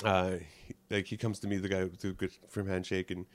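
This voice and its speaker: A man's voice: sits low, brisk. A male comedian tells an anecdote in an easygoing, loose way. He laughs a lot, trips over his words and piles on fillers, and he slips into other people's voices for the quotes. The recording is close and dry, with no room echo. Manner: animated, laughs often while telling an anecdote; rambling with many restarts and "like" fillers. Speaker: stand-up comedian. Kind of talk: casual storytelling chat.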